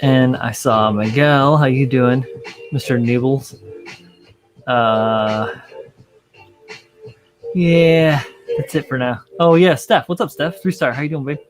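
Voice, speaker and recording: A man's voice: medium pitch, takes it slowly, long pauses, over music. A young man hosting a model-building livestream in loose, rambling chat, full of fillers and casual swearing. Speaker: livestream host.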